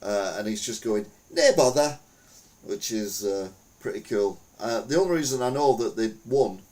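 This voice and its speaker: A man's voice: fairly low pitch, moderate pace, mellow. A man hosting a podcast, chatting casually through the news with rambling, wry, self-mocking jokes. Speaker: podcast host.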